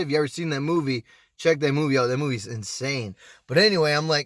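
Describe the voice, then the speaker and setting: A man in his thirties telling a story in a casual, animated way, swearing freely and acting out what people said. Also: on the high side, fast talker, no echo, clean studio sound. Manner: animated, profane, acts out quotes. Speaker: storytime vlogger.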